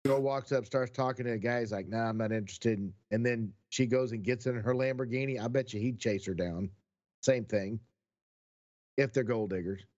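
A man co-hosting a podcast in casual chat, excitable and quick to jump in with his own stories. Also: mid-range voice, dull audio. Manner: excitable, jumps in to retell stories. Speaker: podcast co-host.

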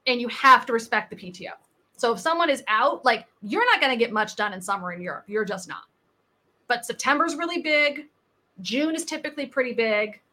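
An American woman in her thirties, a sales coach, tells stories during a podcast interview. Her voice runs on the high side and her pace is brisk. She's animated, acting out the people she quotes as the conversation unfolds.

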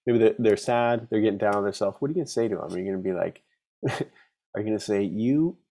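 A man's voice: lowish voice, fast talker, warm tone. A man hosting an unscripted solo podcast, talking frankly in a rambling way, with many restarts and some swearing. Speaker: podcast host.

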